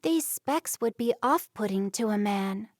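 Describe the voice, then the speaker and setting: A woman's voice: mid-range voice, lively intonation, unhurried, no echo, studio quality. A woman voicing a reserved, stubborn young Amish woman in a storybook reading, speaking plainly. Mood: defensive.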